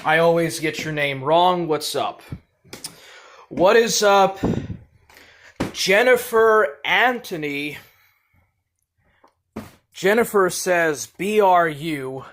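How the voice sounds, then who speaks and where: A man hosting a livestream, rambling through a monologue and reading out chat messages, repeating himself and drifting between loud and muttered. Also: a little high, animated, takes it slowly, pauses often, slight background noise. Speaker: livestream host.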